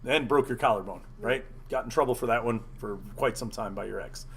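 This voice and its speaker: A man hosting a casual talk show, telling a story in an animated, profane way. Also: medium pitch, fairly quick, breathy edge. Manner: animated, profane, acts out quotes. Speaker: podcast host.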